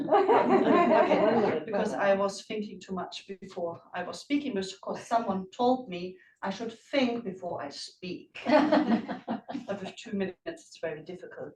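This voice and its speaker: A woman's voice: mid-range voice, roomy sound, distant mic. A woman giving an impromptu speech at a club meeting, playful and chatty, laughing at her own asides. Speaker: club member answering a topic.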